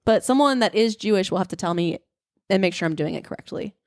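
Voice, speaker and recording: A woman from southern Louisiana co-hosts a casual podcast in an easygoing voice of middle pitch. She chats and laughs lightly while retelling family moments, recorded close and dry. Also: expressive, fast, darkish tone, dry recording. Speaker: podcast co-host. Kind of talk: casual chat.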